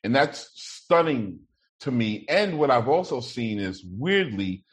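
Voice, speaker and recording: A man with a middle-pitched voice hosts a podcast, speaking casually and swearing freely as he moves the talk from one topic to the next. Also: lively intonation, takes it slowly. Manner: steers the topics, swears casually, mimics other people's talk. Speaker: podcast host. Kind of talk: casual chat.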